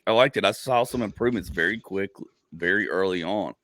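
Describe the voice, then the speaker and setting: A man's voice: low voice, fairly quick, fairly bright tone, no echo, studio quality. A man in his forties hosting a casual comedy podcast, telling rambling stories full of "like" and acted-out asides. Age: 40s. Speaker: podcast host.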